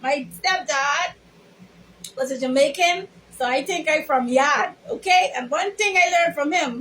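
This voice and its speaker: A woman's voice: high-pitched, measured pace, fairly bright tone, slight background noise, low-quality recording. A Bahamian woman vlogger giving an emphatic, sermon-like storytelling monologue. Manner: emphatic, sermon-like, drawls words.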